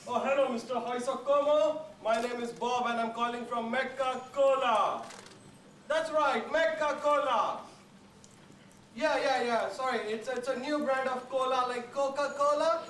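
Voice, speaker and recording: A man playing a pushy cola telesales caller with a foreign accent, who spells words out slowly on stage. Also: very high voice, fairly bright tone, a little hiss or hum. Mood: patient. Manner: over-explaining, spells words out. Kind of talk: amateur stage comedy acting. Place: hotel function room stage. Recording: echoey hall miked from far, audience.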